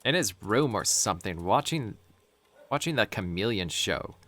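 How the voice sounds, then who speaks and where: A man's voice: fairly low pitch, expressive, moderate pace, sharp tone, no echo. A man doing a mumbling, evasive father. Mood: vague, evasive. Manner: vague, mumbling. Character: evasive, dazed middle-aged father.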